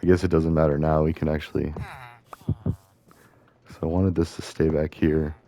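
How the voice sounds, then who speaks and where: A man's voice: rumbling low, flat delivery, moderate pace, warm tone. A man hosting a gameplay video, thinking aloud in loose, meandering casual talk full of fillers and restarts. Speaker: host playing a video game. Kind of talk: casual rambling commentary over gameplay.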